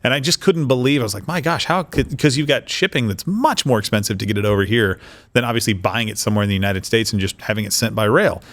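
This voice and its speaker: A man's voice: lowish voice, fast talker, fairly bright tone. A man co-hosting a political commentary show, talking casually with frequent restarts and jokey mock voices. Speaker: co-host.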